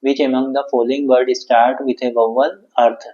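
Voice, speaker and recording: A man, a teacher reading exam questions and answers aloud, halting and correcting himself along the way. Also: mid-range voice, little pitch movement, warm tone. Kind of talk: exam quiz walkthrough. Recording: dull lo-fi sound.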